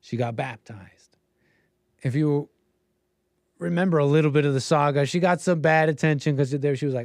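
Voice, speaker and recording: A man's voice: on the high side, moderate pace, pauses often, dry recording, clean studio sound. A man hosting a livestream show, talking in a casual, rambling monologue with many restarts and mocking put-on quotes.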